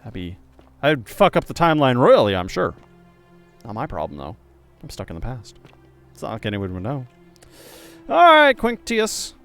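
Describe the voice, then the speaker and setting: A young man playing a video game and commenting, excitable, jumping from loud yelps to quiet muttering. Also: on the low side, fairly quick, faint music behind. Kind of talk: let's play commentary.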